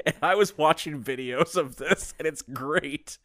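Co-hosting a podcast, a man with a voice on the high side keeps the chat casual and jokey, laughing often and rambling through his stories. Background noise is audible in the recording.

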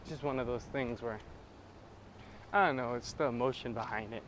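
A man hosts a casual solo podcast, rambling with plenty of swearing about music and daily annoyances, and sometimes scatting and singing improvised blues. His mid-range voice has a fairly bright tone and a moderate pace, with slight background noise.

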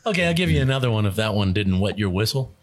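A man's voice: lowish voice, fast talker. Radio host guy reading cheesy jokes, bouncy up and down voice, laughs at his own stuff. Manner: animated joke-telling with voices and chuckles. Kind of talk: casual radio banter, telling jokes. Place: radio studio.

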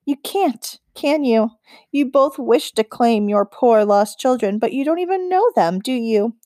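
A woman voicing a proud, cold female forest witch queen in an audiobook, speaking slowly and deliberately with mocking scorn. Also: on the high side, expressive, mellow, dry recording, clean studio sound, pitched above the performer's own voice. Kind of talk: audiobook character reading.

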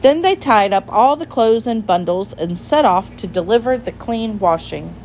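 A woman narrating a children's storybook aloud in a gentle, clear and measured way. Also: mid-range voice, slight background noise, rough recording.

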